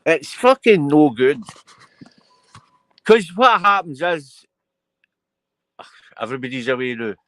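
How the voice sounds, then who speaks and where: A man's voice: fairly high pitch, big pitch swings, slow, long pauses, a bit bright, no echo. Scottish man hosting a chatty stream. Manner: chatty, scolds callers. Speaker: livestream host. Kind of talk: casual chat.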